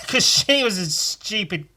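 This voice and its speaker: A man's voice: sits high, animated, slow pace, bright, forceful tone. A man hosting a podcast, rambling casually with crude, self-mocking humour while he draws. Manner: talks while drawing. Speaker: podcast host.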